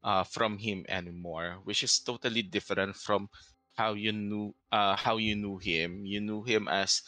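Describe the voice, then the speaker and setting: A man narrating as game master of a tabletop game, halting and full of fillers. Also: lowish voice, steady tone, bright, forceful tone, no room sound, rough recording. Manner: halting, hesitant with many fillers.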